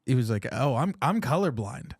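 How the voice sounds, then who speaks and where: A man hosting a podcast, telling stories in a relaxed way and laughing often. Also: mid-range voice, moderate pace, no echo, studio quality. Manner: laid-back storyteller, laughs often. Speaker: podcast host. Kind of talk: casual chat.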